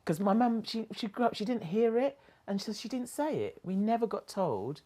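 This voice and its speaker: Speaking at a moderate pace in a mid-range voice, a woman shares a personal story as a motivational speaker. Her telling is expressive, swinging from hushed reflection to lively laughter.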